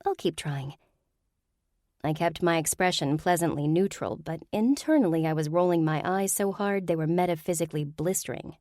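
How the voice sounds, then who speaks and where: A woman's voice: lowish voice, brisk, few pauses, a little mellow, dry recording, studio quality. A woman narrating a first-person audiobook in a wry, sardonic way.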